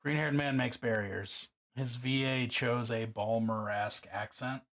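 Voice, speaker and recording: A man's voice: medium pitch, steady tone, a little slow, fairly bright tone. A man from Baltimore chatting casually on a live stream while painting miniatures alone in his room, profane, rambling and self-mocking.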